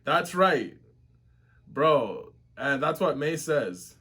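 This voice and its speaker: A man giving casual, excitable, slang-filled reaction commentary as a webtoon reactor. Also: a little high, takes it slowly, breathy edge.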